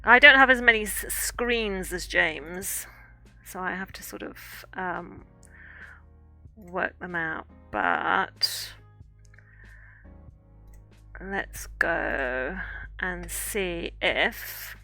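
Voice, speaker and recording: Middle-aged woman streamer, very bright tone, unhurried, effusive thank-yous, faint music behind. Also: on the low side, expressive. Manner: chatty and effusive, thanking viewers often. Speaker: author and livestreamer. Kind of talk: casual livestream chat to viewers. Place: small home room corner.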